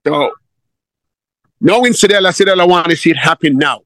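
A middle-aged man, a football coach telling stories in a conversational, animated way, repeating words and laughing as he goes. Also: a little high, brisk, no echo. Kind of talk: conversational storytelling.

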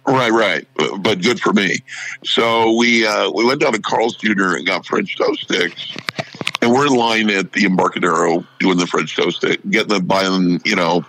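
Gravelly, bright-voiced man telling stories. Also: deep voice, normal speed, low-quality recording. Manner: animated, acts out the people in his stories. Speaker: interview guest, radio personality. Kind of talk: casual storytelling.

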